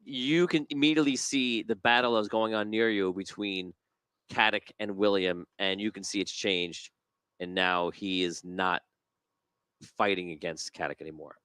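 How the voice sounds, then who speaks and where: A man's voice: fairly low pitch, fairly even intonation, moderate pace, fairly bright tone, smooth, no room sound. A man acting as game master of a tabletop game, patiently explaining the rules with some stumbles and chuckles.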